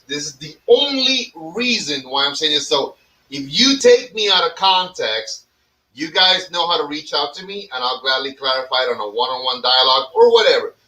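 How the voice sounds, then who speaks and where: A man's voice: a little high, bright, forceful tone, recorded from a distance, poor audio. A man hosting a casual talk show, speaking bluntly and swearing, often repeating words as he starts a point. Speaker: cigar podcast host. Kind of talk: casual opinion chat.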